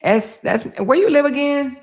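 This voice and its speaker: A woman's voice: high voice, expressive, moderate pace. A middle-aged woman hosting a casual livestream, chatty and exclamatory, talking straight to her viewers from home. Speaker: livestream host. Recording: roomy echo.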